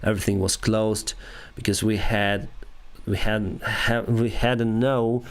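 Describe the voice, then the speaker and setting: Slow-talking Ukrainian man, low voice. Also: level tone. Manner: halting, many restarts and fillers, reads comments aloud. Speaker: airline pilot and livestream host. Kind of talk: casual livestream chat reading viewer comments.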